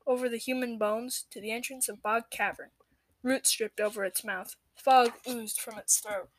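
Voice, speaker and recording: A woman narrating a children's story in a measured, expressive way that drops into hushed tones. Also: a little high, no echo. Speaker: storybook reader.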